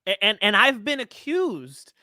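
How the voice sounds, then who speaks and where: A man co-hosting a casual sports betting chat, rambling and animated, swearing often and tripping over his words. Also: high voice, measured pace, no room sound, clean studio sound. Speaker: co-host of a fight betting show.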